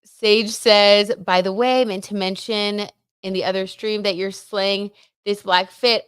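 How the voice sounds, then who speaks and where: A woman's voice: mid-range voice, steady tone, measured pace, a bit bright, smooth, dry recording, studio quality. A young woman hosting a casual livestream, chatting about astrology and celebrity gossip, reading viewer comments in a gushing, chatty way with lots of fillers. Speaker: livestream host reading chat.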